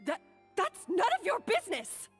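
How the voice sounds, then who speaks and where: A proud, combative young chef. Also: female voice, very high voice, huge pitch swings, moderate pace, full character voice. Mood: defiant. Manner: curt and combative. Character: proud, defensive young female head chef. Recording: reverberant game audio with music.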